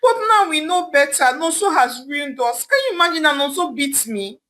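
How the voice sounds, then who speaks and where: A frail old mother, sobbing and pleading in a high, quavering voice that swings widely in pitch, as a woman narrator puts her on. She begs her daughter in a told folktale. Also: expressive, moderate pace, pushed and bright. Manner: sobbing, begging. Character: elderly mother, weak and pleading.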